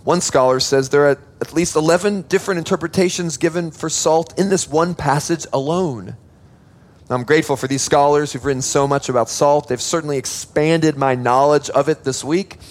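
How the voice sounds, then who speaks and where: Male pastor, sermon delivery, earnest and emphatic, slightly higher voice. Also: normal speed. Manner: earnest, emphatic preaching with teaching asides.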